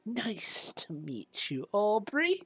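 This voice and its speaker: A woman's voice: mid-range voice, huge pitch swings, slow pace, a bit bright, slightly rough, dry recording, full character voice. A woman voicing an old woman who sells zombies, sweet-talking and coaxing, calling people dearie. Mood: sly.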